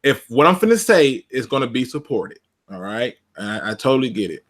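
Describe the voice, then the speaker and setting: A man's voice: mid-range voice, big pitch swings, fairly quick, a bit bright. A man co-hosting a casual sports podcast, emphatic and fond of repeating phrases for effect. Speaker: podcast co-host.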